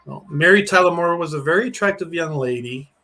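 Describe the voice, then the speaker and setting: A man's voice: fairly high pitch, fairly quick, sharp tone. Chatty guest man with a slightly raised voice. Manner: chatty, reminiscing. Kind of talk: casual chat.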